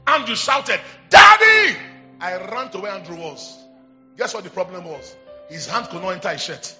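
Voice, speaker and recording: Shouting high-voiced Nigerian bishop. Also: male voice, animated, moderate pace, highs cut off, faint music behind. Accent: Nigerian English. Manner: shouting, call-and-response, repetitive. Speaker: bishop preaching. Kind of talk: charismatic sermon.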